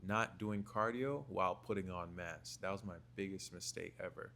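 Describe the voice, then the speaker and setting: A man's voice: deep voice, moderate pace, vocal fry, slight background noise. A young man telling a casual, slangy story about his fitness journey to camera, repeating phrases for rhythm. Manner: slangy, repetitive, animated storytelling. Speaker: fitness vlogger.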